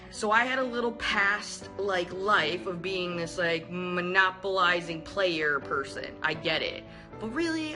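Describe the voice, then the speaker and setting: A young woman vlogger candidly retelling a personal story to camera, animated and profane, acting out what people said. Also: lowish voice.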